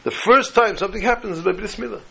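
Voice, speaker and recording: A man teaching a Torah class, telling a story and drawing slow, emphatic lessons from the text. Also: high-pitched, gravelly, pushed and bright, poor audio. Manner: storytelling, acting out dialogue with slow emphatic phrases.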